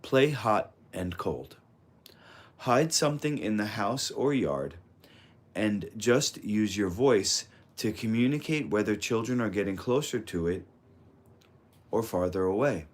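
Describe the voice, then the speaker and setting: Calm man reading a parenting audiobook. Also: fairly low pitch. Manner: calm, measured, instructive reading. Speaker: audiobook narrator. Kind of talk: scripted audiobook narration.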